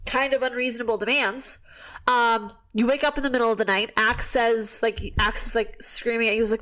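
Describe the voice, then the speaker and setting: A woman with a slightly high voice hosts a casual podcast. She retells a story animatedly, tossing in quick asides and the occasional swear. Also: fairly even intonation, a bit bright. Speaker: podcast host. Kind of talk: casual chat recapping a book.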